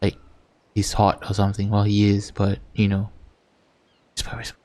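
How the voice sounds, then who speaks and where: A man's voice: fairly low pitch, completely flat delivery, moderate pace, mellow. A man casually commentating a video game in a joking, offhand way. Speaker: gaming streamer.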